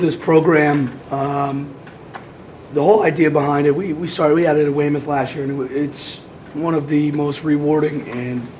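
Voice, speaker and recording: Hoarse man with a cold presenting. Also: a little high, darkish tone, a little hiss or hum, poor audio. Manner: halting, many fillers and restarts. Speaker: athletic director. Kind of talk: presenting at a public meeting.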